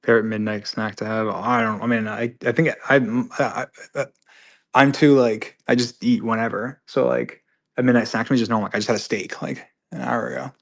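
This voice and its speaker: A man's voice: medium pitch, fairly even intonation, gravelly. A man hosting a live audio chat room, casually reading out listener questions and answering them in an offhand, rambling way. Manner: offhand, rambling, with restarts and trailing off; skims questions quickly under his breath.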